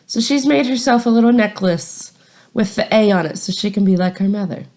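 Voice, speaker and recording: A woman's voice: on the high side, steady tone, moderate pace, vocal fry, a little mellow. Chatty woman reading a novel aloud. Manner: chatty asides between passages. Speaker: reader.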